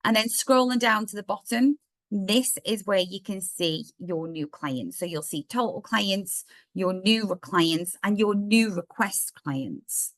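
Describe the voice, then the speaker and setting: A woman with a slightly croaky voice, chatting through a software demo step by step in a live online workshop. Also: mid-range voice, measured pace, dry recording. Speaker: software trainer.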